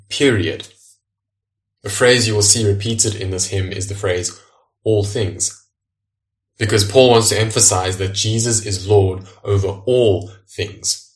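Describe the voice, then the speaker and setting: Low-voiced pastor preaching from a distance. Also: male voice. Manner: earnest, measured, emphatic on key phrases. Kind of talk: sermon.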